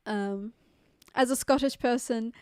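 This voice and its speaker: A woman's voice: fairly high pitch, unhurried, smooth, no room sound. A young woman chatting casually with viewers on a livestream, rambling and full of "like", with casual swearing. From New Zealand. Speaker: streamer. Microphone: studio mic.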